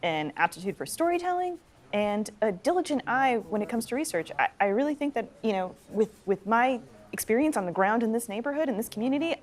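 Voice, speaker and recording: A woman improvising her character in a comedy tabletop role-play, excitable and tripping over her words. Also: fairly high pitch, a little fast. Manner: excitable, stammering restarts. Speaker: player.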